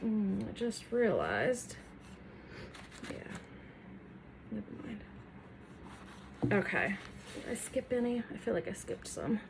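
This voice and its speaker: A woman's voice: mid-range voice, big pitch swings, slow pace, creaky, long pauses, noisy background. Chatty woman narrating a DIY makeover. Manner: chatty, self-deprecating, talks while working. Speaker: furniture makeover creator. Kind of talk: casual DIY tutorial chat. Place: home workroom, indoors.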